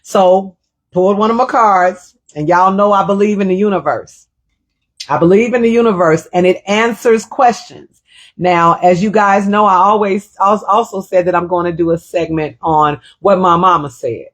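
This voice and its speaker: A middle-aged woman hosting a show delivers a personal storytelling monologue in a husky, medium-pitched voice at normal speed. She sounds emotional and reflective and often repeats phrases.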